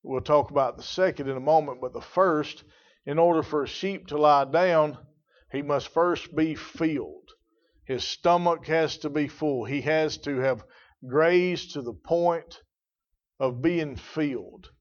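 Measured preacher man, lo-fi sound. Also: a little high. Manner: measured, repeats key phrases for emphasis. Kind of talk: sermon. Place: church.

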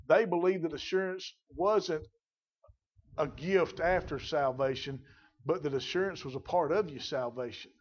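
A man preaching a sermon, slowing down to stress scripture and repeating key phrases for emphasis. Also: a little high, a little mellow, muffled recording.

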